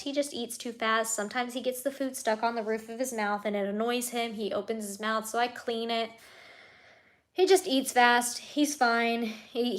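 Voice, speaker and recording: An animal keeper, a woman with a fairly high voice, chats casually on a live stream and reads out comments. She's heartfelt and soft-spoken, often sinking to a near whisper.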